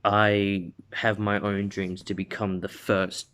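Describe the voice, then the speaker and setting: Earnest teenage boy hero, polite and steady, voiced by a male storyteller, low and unhurried. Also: clear, resonant tone.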